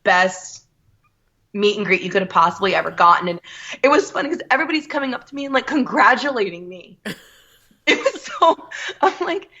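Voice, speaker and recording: Bright-voiced woman telling a story. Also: mid-range voice, fairly quick, muffled recording. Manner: animated, quotes others in her story. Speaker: guest. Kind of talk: casual storytelling.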